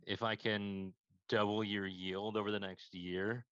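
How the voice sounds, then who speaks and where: Low-voiced man, dry muffled mic. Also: flat delivery, a little slow, fairly bright tone. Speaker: player. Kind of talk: tabletop role-play.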